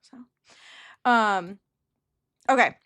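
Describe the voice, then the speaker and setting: A woman's voice: medium pitch, extremely slow, fairly bright tone, no room sound. A young woman co-hosting a casual podcast, chatty and laughing, swearing freely as she tells stories. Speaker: podcast co-host. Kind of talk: casual chat.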